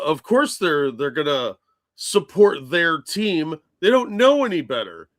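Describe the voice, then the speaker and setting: A man with a slightly raised voice co-hosts a casual talk show. He jokes and speaks with sarcasm, dropping quick asides between the others' points. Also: fairly high pitch, fairly bright tone. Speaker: podcast co-host. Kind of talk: casual opinion chat.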